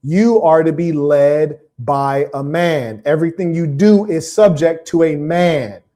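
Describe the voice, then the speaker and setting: A man's voice: a little high, measured pace, mellow. A man hosting a livestream, delivering a preachy, combative monologue and reading out viewer comments, with emphatic repetition. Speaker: live stream host.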